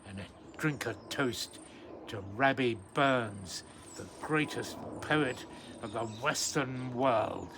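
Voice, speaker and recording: A man with a gravelly voice reads verse slowly and unhurriedly, pausing often with ums as he talks about the poet between readings. Crickets and insects chirp in the background. The recording is noisy. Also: mid-range voice. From British Isles. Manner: hesitant, many ums and pauses, warm enthusiasm for the poet. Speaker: host of a daily poetry reflection. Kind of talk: reading poetry aloud with casual commentary.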